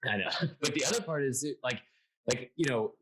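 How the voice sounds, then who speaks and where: A man's voice: mid-range voice, expressive, brisk, background noise. A man from Atlanta hosting a casual sports panel by video call, telling stories with lots of restarts. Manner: rambling storyteller with many restarts. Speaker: sports show host.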